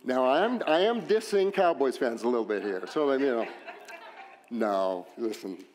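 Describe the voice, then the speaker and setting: A man with a West Texas accent preaching a sermon as pastor, animated, with joking asides and rising emphatic questions. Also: medium pitch, normal speed, some chatter behind.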